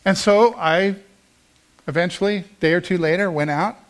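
A man in his fifties with a high voice preaches a sermon at normal speed. He tells a personal story earnestly and conversationally, restarting often.

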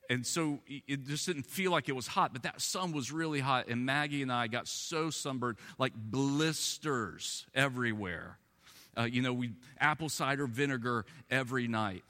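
A man preaching a sermon in a relaxed, conversational way, with humorous stories mixed in. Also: mid-range voice, long reverb tail. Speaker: pastor.

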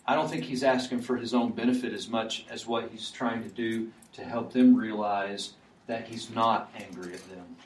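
A male preacher talks through a sermon in a loose, conversational way, stumbling over restarts and fillers. His voice sits at an ordinary pitch. He sounds echoey and picked up from a distance, like a mic across a church hall. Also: fairly even intonation, moderate pace.

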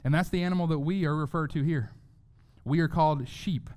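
Male pastor, sermon delivery, smooth resonant voice, earnest, repeats words for emphasis. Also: on the high side, a little fast, a little mellow. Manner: earnest, repeats words when stressing a point.

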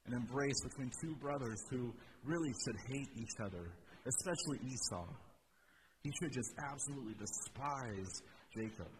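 A man preaching a conversational sermon, reading scripture and adding wry asides, often repeating his words. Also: mid-range voice. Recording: steady background ambience noise.

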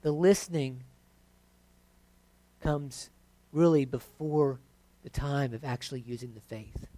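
A pastor preaching a conversational sermon that builds to emphatic points. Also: male voice, mid-range voice, slow pace, dark tone, dry recording.

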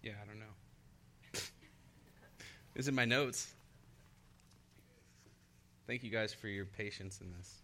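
A man's voice: fairly low pitch, slow pace, pauses often, sharp tone, a little hiss or hum. A young man preaching a sermon in an upbeat way, laughing often and leading the congregation in call-and-response. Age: young adult.

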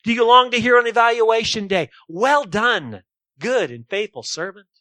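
A man's voice: very high voice, expressive, moderate pace, bright, forceful tone, no room sound. A man preaching a sermon emphatically, often posing rhetorical questions to his listeners.

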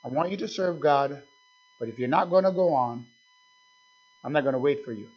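Man, preacher, sermon, fairly high pitch, husky voice, dull lo-fi recording. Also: normal speed. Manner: emphatic, repetitive, calls out to congregation.

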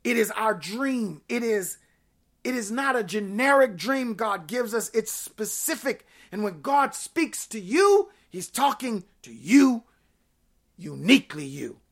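A woman preaching a sermon, repeating phrases in a rhythmic build, rising to shouts and then dropping to hushed tones. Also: on the high side, big pitch swings, measured pace, gravelly.

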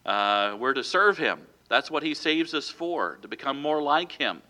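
A man delivers a sermon with a very bright, ringing tone. He speaks in a loose, conversational way, breaking off with fillers and restarting his sentences. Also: medium pitch, sing-song, unhurried. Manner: conversational, many fillers and self-corrections. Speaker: pastor.

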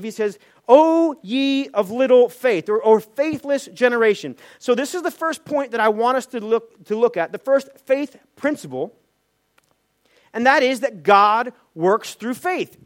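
A man preaching a sermon, asking rhetorical questions and acting out the lines of people in the story. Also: extremely high pitch. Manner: acts out quoted voices, many rhetorical questions. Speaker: pastor.

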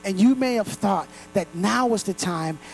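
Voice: medium pitch, moderate pace, vocal fry, a little hiss or hum, rough recording. A pastor preaching a sermon to a congregation in a room, earnest and direct.

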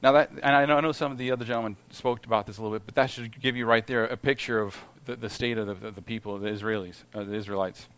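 A man's voice: mid-range voice, fairly even intonation, quick pace, hardly any pauses, a bit bright, clean tone. A middle-aged man giving an informal Bible teaching, reading verses aloud and then explaining them with many restarts and fillers. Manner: reads scripture aloud then comments conversationally. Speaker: lay preacher at a Bible study.

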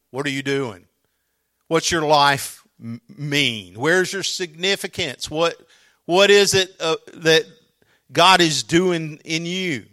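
A man's voice: mid-range voice, sharp tone. A man preaching a sermon as pastor, earnest and emphatic, often restarting his sentences.

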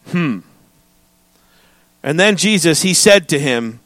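A man preaching a sermon as pastor, reading scripture and joking with his congregation in an animated way. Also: fairly high pitch, takes it slowly, pauses often, no room sound.

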